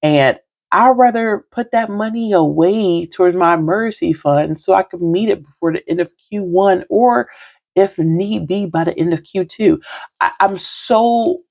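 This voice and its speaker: A woman's voice: fairly low pitch, a little slow, gravelly, darkish tone, lo-fi sound. A woman budget vlogger chatting casually while counting cash, teasing herself and talking straight to her viewers.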